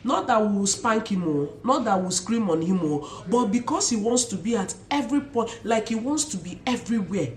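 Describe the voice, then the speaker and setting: A young Nigerian woman telling stories casually to her viewers with an animated, expressive manner and Pidgin asides. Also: mid-range voice, brisk, few pauses, roomy sound. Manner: animated, mixes Pidgin asides, imitates loud shouts. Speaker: vlogger. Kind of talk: casual storytelling to camera.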